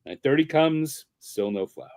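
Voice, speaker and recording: A man with a voice on the high side, speaking at normal speed, tells a long personal story in casual conversation. He's a guest artist and podcaster, and he animatedly acts out what people said.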